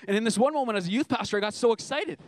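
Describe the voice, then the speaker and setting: A man's voice: very high voice, lively intonation, rapid-fire, slight background noise. A young man preaching a sermon as a youth pastor, earnest and emphatic, asking the congregation rhetorical questions.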